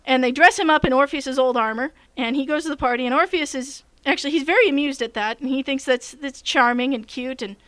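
A woman's voice: sits high, fairly quick, few pauses, fairly bright tone, no room sound. A woman who runs tabletop games, telling a long story in casual chat, full of fillers and restarts. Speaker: game master telling a story.

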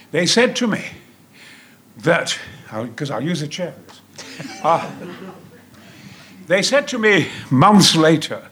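An older man in his seventies tells a stage anecdote in a booming, theatrical way, swearing freely. His voice sits high and leaps around lively. The tone is bright and forceful. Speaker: guest.

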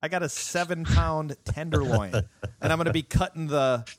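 A man's voice: on the high side, expressive, moderate pace, dry recording. Brief: male podcast co-host, jokey, dry close-mic sound. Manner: joking, playful asides, trails off quietly. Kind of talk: casual tech podcast chat.

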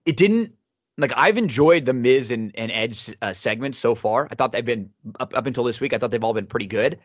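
A man's voice: medium pitch, expressive, fairly quick, no room sound, clean studio sound. A man co-hosting a wrestling review podcast, giving opinionated casual commentary with frequent restarts.

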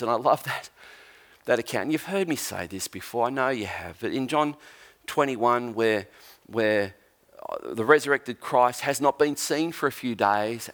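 A man preaching a sermon as a pastor, telling a Bible story with humour and acting out the lines of its characters. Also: medium pitch. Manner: animated storyteller, acts out quotes.

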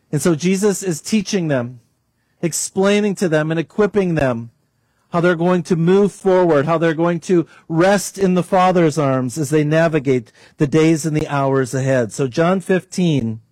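A man's voice: darkish tone, dry recording. A man preaching a sermon as pastor, leading a prayer and telling a story to his congregation. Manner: storytelling, prays aloud, varies pitch for emphasis.

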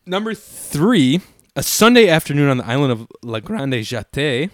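A man's voice: a little high, big pitch swings, measured pace, no room sound, clean studio sound. A young man co-hosting a casual podcast, joking crudely and stumbling over foreign titles. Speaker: podcast co-host. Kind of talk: casual chat.

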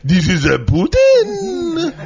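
A man doing a high, drawn-out, vampire-like impression of a Russian president with a put-on Russian accent. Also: wildly swooping pitch, a little mellow, dull audio, exaggerated voice. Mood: mocking.

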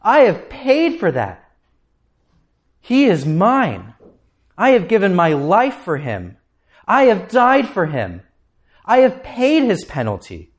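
A male pastor puts on the voice of Jesus, firm and loving as he defends his own before God. Each line comes out resolute and slow, as a declaration. The voice rises high and strong at the start. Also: wildly swooping pitch, full character voice.

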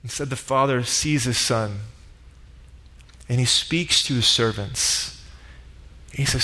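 A man delivering a sermon, retelling a parable with dramatic build-ups and loud quoted cries. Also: mid-range voice, slow, long pauses. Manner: dramatic retelling, rising to shouts in quoted lines. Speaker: pastor. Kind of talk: sermon storytelling. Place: church sanctuary.

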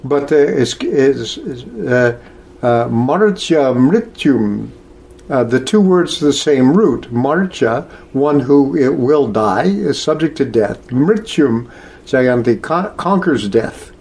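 A man teaching a scripture class in a slow, halting way, with many filler sounds as he explains verses. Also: mid-range voice, animated, a little mellow. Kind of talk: lecture on scripture.

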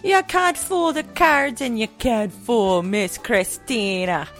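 A woman's voice: on the high side, takes it slowly, faint music behind. A woman voicing a scammy, boastful female phone psychic with a put-on Jamaican accent, in a comedy sketch. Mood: smug. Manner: salesy, brash, self-assured.

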